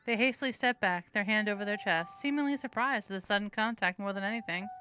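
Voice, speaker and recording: A woman's voice: mid-range voice, fast talker, bright, forceful tone, soft background music. A woman hosting a let's play, reading the game's narration aloud with playful, crude asides. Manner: playful, giggly, crude jokes between narration. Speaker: host.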